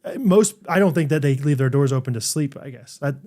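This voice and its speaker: A young man co-hosts a podcast in relaxed, casual chat. His voice sits a little high for a man. He tells stories with energy, laughs a lot and acts out what people said. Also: a little fast. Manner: animated storytelling, laughs often, acts out quotes. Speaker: podcast co-host.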